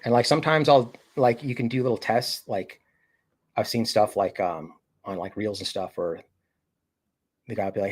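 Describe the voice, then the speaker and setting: A man's voice: fairly low pitch, fairly even intonation, normal speed, long pauses, slightly rough. A man hosting a casual live stream, talking to chat in a rambling way, full of fillers and acted-out quotes. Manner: rambling, filler-heavy, acts out quoted voices.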